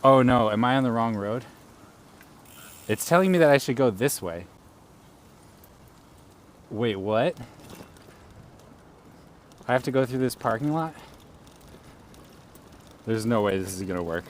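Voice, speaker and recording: A man's voice: mid-range voice, lively intonation, unhurried, pauses often. A man live-streaming outdoors while cycling through city streets, chatting casually with his viewers.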